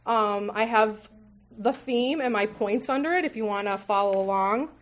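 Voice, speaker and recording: A woman's voice: mid-range voice, moderate pace. A woman teaching a women's Bible study group, conversational and lightly humorous, sometimes correcting herself mid-sentence. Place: meeting room with tables.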